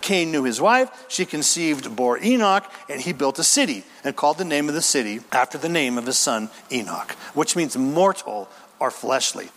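A man preaching a sermon as pastor, emphatic and animated, going verse by verse with asides to the congregation. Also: medium pitch, moderate pace, few pauses, slight background noise. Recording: reverberant hall.

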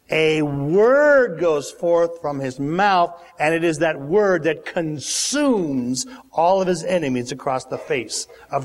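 A male preacher delivering a sermon, dramatic and animated, acting out the lines he quotes. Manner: dramatic, acts out quotes with big pitch swings. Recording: long hall reverb.

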